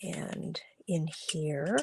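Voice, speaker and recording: A woman's voice: low voice, very slow, gravelly, background noise. A woman hosting a live-streamed card-making class from her home studio, chatting and explaining as she colors, and losing her voice. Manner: chatty and instructive, talking while coloring, often drops to a murmur. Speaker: crafting class host. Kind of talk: live-streamed craft demonstration.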